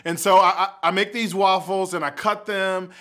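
A young adult man speaking as a youth leader to camera, telling stories in an excitable, animated way. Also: sits high, moderate pace. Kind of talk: casual youth talk to camera.

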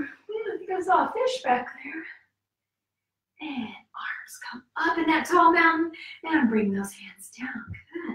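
Heard from a distance in an echoey room, a woman with a high-pitched, fairly bright voice leads children through yoga. She coaxes them cheerfully, counts out each move, and sounds slightly winded.

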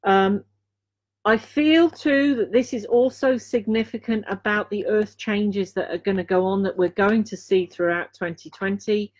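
An intuitive reader and healer from Dorset, England, gives a live intuitive card reading in a mid-range voice. She speaks earnestly, repeatedly returning to key phrases and pausing on fillers as she feels her way through.

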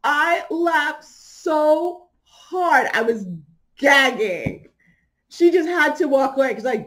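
A woman's voice: high-pitched, expressive, measured pace, fairly bright tone. A middle-aged woman hosting a podcast, telling a personal story in a casual way. She laughs often and acts out the people she quotes. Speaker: podcast host.

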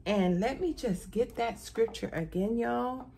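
A woman's voice: measured pace, creaky, hardly any pauses, breathy edge. A middle-aged woman, chatting casually in a haul vlog and saying "y'all" often. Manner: chatty, keeps saying "y'all", pitch jumps high when excited. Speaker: vlogger.

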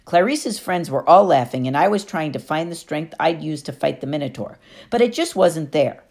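A woman's voice: low voice, expressive, normal speed, a little mellow. A woman narrating a first-person audiobook in a wry storytelling manner.

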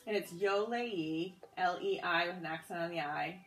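A woman's voice: fairly low pitch, normal speed, fairly bright tone, soft background music, low-quality recording. A woman teaching a Spanish grammar lesson, patiently spelling words out letter by letter, with some fillers and self-corrections. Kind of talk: guided notes lesson.

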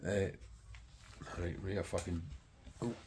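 A man's voice: low-pitched, slow pace, a little mellow, slight background noise. A middle-aged man and record collector chatting casually to camera, rambling and swearing heavily with enthusiasm.

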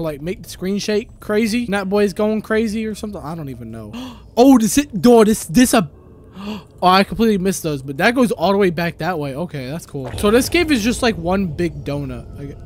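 A man's voice: high voice, lively intonation, brisk, a little hiss or hum. A young man giving casual, jumpy gameplay commentary, full of slang, gasps and exclamations. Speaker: gaming video creator.

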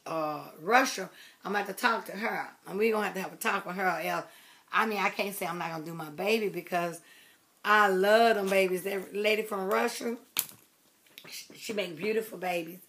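In a loose vlog, a woman who collects dolls talks warmly to her audience at normal speed. Her chat drifts between ideas, and her voice frequently sinks to quiet murmurs as she fiddles with the item in her hands.

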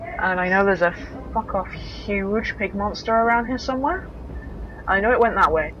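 A woman's voice: mid-range voice, moderate pace, a bit bright, dull audio, slight background noise. A young woman giving let's play commentary on a horror game, talking to herself, swearing and exclaiming when startled.

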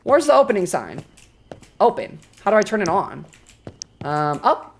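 A woman streaming a cooking game, excitable and foul-mouthed, talking to her chat and flaring into loud exclamations when flustered. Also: medium pitch, normal speed, a little hiss or hum. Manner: excitable, swears a lot, talks to chat. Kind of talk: live gameplay commentary.

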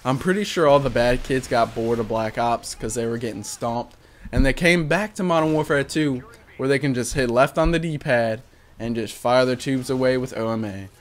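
A man's voice: mid-range voice, moderate pace. A young adult man giving casual voice-over commentary on his own gameplay, candid, profane and joking at his own expense. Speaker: gaming commentator.

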